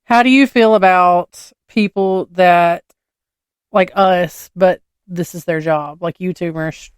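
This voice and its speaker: A woman's voice: fairly low pitch, steady tone, takes it slowly, clear, resonant tone, dry recording, clean studio sound. A woman co-hosting a podcast, laid-back, mostly giving short agreeing replies in casual chat. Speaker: podcast co-host.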